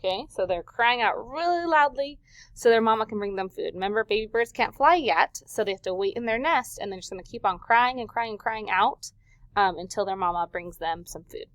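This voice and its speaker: Animated woman teacher, dry close sound. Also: mid-range voice, fairly quick, dry recording. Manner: animated, questioning, stretches words for emphasis. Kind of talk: recorded vocabulary lesson for young children.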